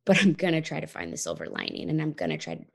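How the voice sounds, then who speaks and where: Woman, 30s, interview guest; earnest reflective storyteller, low voice with vocal fry. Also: very animated, fast. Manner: earnest, reflective, frequent "like" and "you know".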